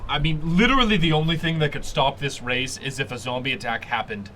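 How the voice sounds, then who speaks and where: A man's voice: mid-range voice, a little fast, sharp tone, slight background noise. A man narrating a tabletop game as game master, casual and full of fillers.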